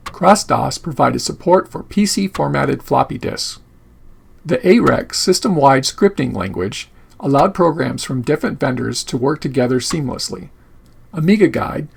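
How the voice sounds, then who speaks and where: A man's voice: mid-range voice, vocal fry, breathy edge. A man narrating a scripted video essay as host of his channel.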